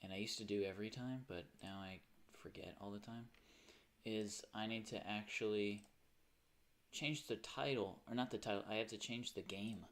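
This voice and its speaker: A young man talks loosely to his viewers at the start of a home game stream. His voice sits a little low, and he wanders from thought to thought, catching and correcting himself as he goes. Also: normal speed. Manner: rambling and chatty, often correcting himself. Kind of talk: casual livestream chat.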